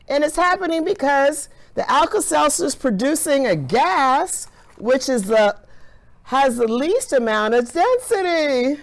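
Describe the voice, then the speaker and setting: An enthusiastic woman science teacher talks through a colorful hands-on demonstration. Her voice swings widely in pitch, and she speaks slowly with a gravelly edge. She keeps her tone cheerful and encouraging throughout. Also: very animated.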